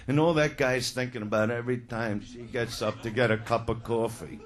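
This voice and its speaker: A man doing crude, loud stand-up comedy, shouting his punchlines. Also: mid-range voice, moderate pace, hardly any pauses. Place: comedy stage before a live audience.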